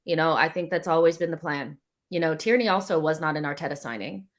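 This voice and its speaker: A woman co-hosting a football podcast, talking in a relaxed, conversational way. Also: low-pitched, quick pace. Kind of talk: casual football chat.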